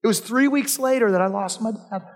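With a high-pitched voice and a fairly quick pace, a male pastor tells personal stories while preaching, keeping it conversational. A long hall reverb trails his words.

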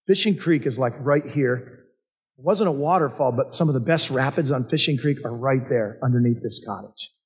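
A male pastor preaches a sermon, telling personal stories conversationally in a mid-range voice at moderate pace with a breathy edge. The hall's long reverb is audible.

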